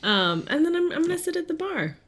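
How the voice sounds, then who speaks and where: A woman's voice: very high voice, big pitch swings, fairly quick. A woman playing a tabletop game, talking casually with fillers as she decides her moves. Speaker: player.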